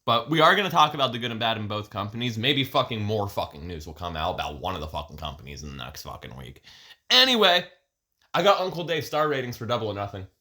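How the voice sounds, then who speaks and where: A man's voice: on the low side, sing-song, fast talker, few pauses, sharp tone. A man hosting a podcast in casual chat, rambling and profane, often restarting his sentences. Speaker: podcast host.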